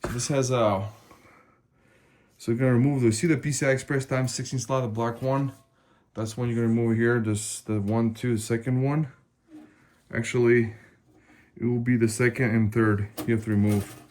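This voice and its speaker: In a casual hands-on tutorial, a man explains a hardware installation step by step while working and addresses his viewers as guys. He speaks at normal speed with long pauses, in a mid-range, darkish voice with fairly even intonation.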